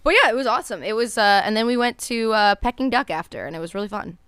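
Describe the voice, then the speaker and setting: A young woman chatting as a podcast guest, telling stories in an animated, lively way. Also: a little high, quick pace, clean tone, no echo. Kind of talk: casual podcast chat.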